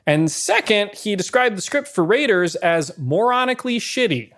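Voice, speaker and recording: A man co-hosting a podcast, briskly running through film production trivia with dry asides. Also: high voice, sing-song, fairly bright tone. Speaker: podcast co-host. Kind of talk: casual film-history chat.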